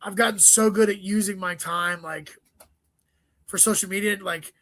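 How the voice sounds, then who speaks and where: A man, a stand-up comedian, chatting as an interview guest, telling stories quickly with swearing and joking asides. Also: sits high, fairly even intonation, bright, forceful tone, no room sound. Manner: profane, rapid storytelling with joking asides. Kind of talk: casual interview chat.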